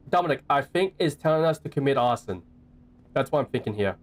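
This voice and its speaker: A man's voice: mid-range voice, lively intonation, fast talker. A young Australian man chatting playfully with viewers while playing a game and reading its notes aloud. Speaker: streamer. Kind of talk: live gameplay commentary.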